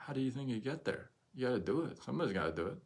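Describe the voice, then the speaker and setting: A middle-aged man hosting a casual livestream, talking in an animated way, often repeating himself and asking "right?". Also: medium pitch, rapid-fire. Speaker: livestream host.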